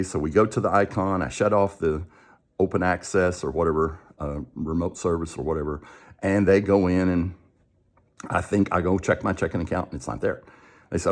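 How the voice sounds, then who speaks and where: A man with a very low, deep voice who speaks casually and directly to the camera. He retells a story by acting out both sides of the conversation, with many restarts. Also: fairly even intonation, fast. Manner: conversational, acts out the dialogue, frequent restarts. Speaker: coach and show host.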